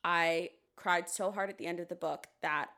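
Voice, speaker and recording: A young woman co-hosting a casual book podcast, relaxed and agreeable. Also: fairly low pitch, moderate pace. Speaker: podcast co-host. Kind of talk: casual chat.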